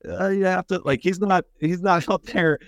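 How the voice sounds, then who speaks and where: A man from North Texas joins a podcast as a guest, his voice sitting a little high for a man. He talks in a measured, conversational way with a few hesitations. The recording is close and dry. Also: steady tone, vocal fry, no echo. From North Texas, USA. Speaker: podcast guest, concerned parent. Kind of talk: casual political chat.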